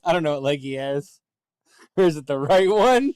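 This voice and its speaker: A young man giving casual, profane commentary while playing a game, laid-back and breaking into loud laughter. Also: on the high side, expressive, normal speed, clear, resonant tone, no room sound, clean studio sound. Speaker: streamer.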